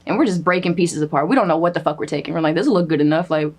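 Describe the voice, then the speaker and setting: A young woman telling a comedic personal story in a casual, animated way, cursing freely and acting out what others said. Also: low-pitched, racing. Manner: animated, profane, acts out quoted voices. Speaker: storyteller guest.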